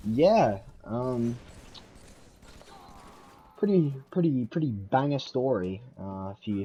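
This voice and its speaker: A man's voice: dark tone, a little hiss or hum. A young man telling a story in a rambling, casual way, swearing often and tripping over his words. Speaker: storytelling vlogger. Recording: low-quality home mic.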